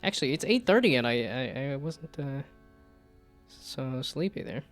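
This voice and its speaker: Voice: medium pitch, animated, normal speed, soft background music. Playful streamer with mock-archaic asides. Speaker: VTuber streamer. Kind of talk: live game stream commentary.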